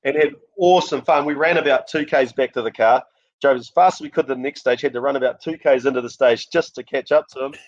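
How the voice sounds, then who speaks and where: Middle-aged man, New Zealand accent, rally driver guest, animated storyteller, dull dry recording. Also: mid-range voice, quick pace, no room sound. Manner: animated storyteller, laughs often. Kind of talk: casual podcast interview.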